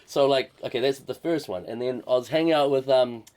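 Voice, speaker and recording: A man's voice: mid-range voice, a little fast, darkish tone. A man who is a comedian, co-hosting a casual podcast and telling a long, rambling story with many fillers and restarts. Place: shed.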